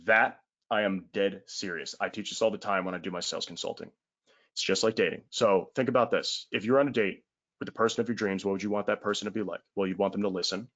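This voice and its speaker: A man's voice: fairly low pitch, fairly even intonation, quick pace, a bit bright, muffled recording. A man giving a casual webinar sales talk, blunt and emphatic, in colloquial words with the odd swear.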